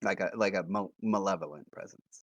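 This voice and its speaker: Low animated male player, dry mic. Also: normal speed, dry recording, muffled recording. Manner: animated, laughing, jokey. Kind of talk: casual tabletop play.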